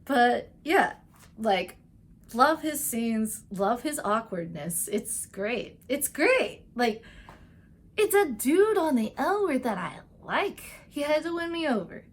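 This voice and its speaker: Woman vlogger doing a tv recap, kinda high voice, rambly and excited, does little voices for the characters. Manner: chatty and gushing, full of "like" and "um"; acts out characters' lines in quick asides. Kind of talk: casual TV episode recap.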